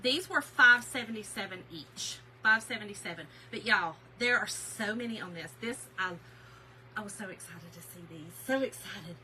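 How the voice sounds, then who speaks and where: A woman hosting a casual craft haul livestream, chatty and excitable, greeting viewers by name. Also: mid-range voice, moderate pace, background noise. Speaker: craft channel host.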